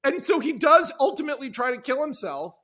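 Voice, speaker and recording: Excitable, high-voiced man. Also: brisk. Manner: excitable, rambling, many "like"s. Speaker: podcast guest, screenwriter. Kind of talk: casual chat.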